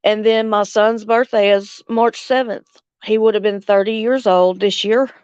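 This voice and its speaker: An older woman from Louisiana hosting a casual livestream chat, speaking slowly and tenderly with soft chuckles, tearful at times. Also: medium pitch, fairly even intonation, clean tone, no room sound, muffled recording. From Louisiana, USA. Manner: slow, tender, chuckling between lines. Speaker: livestream host.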